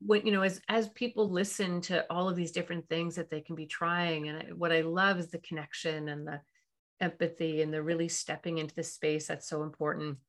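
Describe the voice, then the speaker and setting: Woman, low-ish voice, podcast host, affirming, reflective. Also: flat delivery, fairly quick. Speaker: podcast host and parent coach. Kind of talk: podcast interview.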